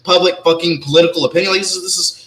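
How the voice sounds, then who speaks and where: Male panelist, fired-up profane rant, fairly high voice, roomy echoey sound. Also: steady tone, very fast, bright, forceful tone. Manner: angry, profane, emphatic. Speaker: podcast panelist. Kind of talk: heated casual chat. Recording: echoey room.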